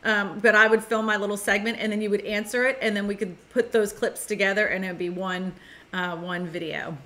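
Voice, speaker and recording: A woman's voice: medium pitch, fairly even intonation, fairly quick, bright, forceful tone. Chatty, laughing New England woman host. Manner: chatty, laughs often, reads viewer comments aloud. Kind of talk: casual live-stream chat.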